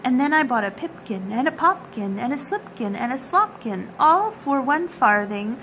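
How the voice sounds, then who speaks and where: A woman's voice: high voice, very animated, moderate pace, fairly bright tone, a little hiss or hum, rough recording. A woman voicing a chorus of cheeky little mice who sing and chant rhymes in a storybook. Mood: gleeful. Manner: sing-song, gleeful.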